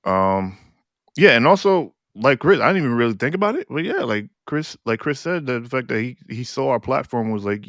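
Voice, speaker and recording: A man co-hosting a podcast, relaxed and slangy, often searching for words in casual chat. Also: medium pitch, a little fast, vocal fry, no echo, studio quality. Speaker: podcast co-host.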